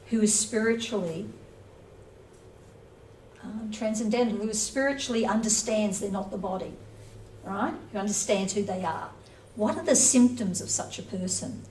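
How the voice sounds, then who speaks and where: A woman's voice: medium pitch, a little mellow. A woman giving a casual, conversational lecture on scripture, playfully acting out little everyday scenes. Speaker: spiritual teacher. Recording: roomy echo, from a distance, faint noise.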